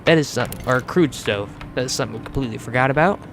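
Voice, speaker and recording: A man's voice: medium pitch, very fast, noisy background. An American man hosting a gaming channel, giving chatty let's play commentary as he plays, swearing freely and restarting words. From United States.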